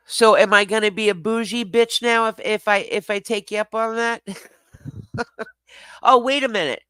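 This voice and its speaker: A man hosts a casual livestream in a high, bright, forceful voice that's clear and resonant, speaking at normal speed with frequent pauses and no echo. He rambles and swears while reacting to viewer comments, laughing often, apologizing, and poking fun at himself.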